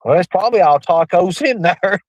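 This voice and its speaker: Lively, crude-talking male streamer. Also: moderate pace, no echo, highs cut off. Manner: rambling and crude, with sudden pitch jumps. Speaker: livestream host. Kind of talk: profane rambling livestream chat.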